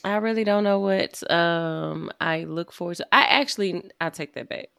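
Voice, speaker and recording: A woman, chatting casually as a podcast co-host and answering with quick affirmations and laughter. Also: on the low side, vocal fry, a bit bright, smooth, no echo, clean studio sound. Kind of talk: casual chat.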